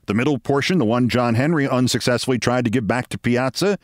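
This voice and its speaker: A man's voice: medium pitch, quick pace, no room sound. Wry male storyteller, dry close sound. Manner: wry storyteller, acting out quoted voices. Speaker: host telling a personal story. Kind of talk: storytelling monologue.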